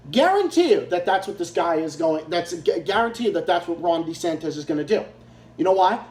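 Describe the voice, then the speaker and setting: A man's voice: high-pitched, darkish tone. Angry ranting man, echoey room. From Massachusetts, US. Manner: angry, profane, repetitive. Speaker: political commentator. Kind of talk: ranting commentary.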